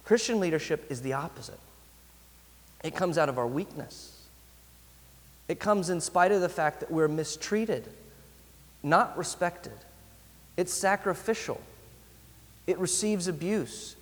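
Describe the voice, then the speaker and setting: Man preaching in a reverberant hall. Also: fairly high pitch. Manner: earnest preaching with slowed emphatic phrases. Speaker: pastor. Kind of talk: sermon.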